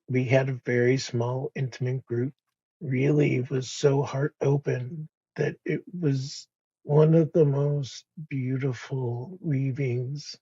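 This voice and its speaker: A man speaking as a podcast guest in a slow, soft-spoken, reflective way, pausing often and restarting his sentences. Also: mid-range voice, slightly rough, dry recording, lo-fi sound. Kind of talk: reflective conversation.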